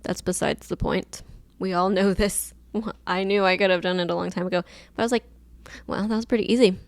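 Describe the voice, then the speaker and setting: Low, creaky and a little fast with little pitch movement, this twentysomething podcast host shares a personal story alone, chatty and emotional with plenty of fillers. The camera mic picks up no echo.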